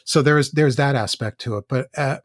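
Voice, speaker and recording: A middle-aged man from Northern California, an actor, telling candid stories in a podcast interview in an earnest, halting way that often repeats words. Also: mid-range voice, no echo, clean studio sound. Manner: earnest, halting, with frequent word repeats and restarts.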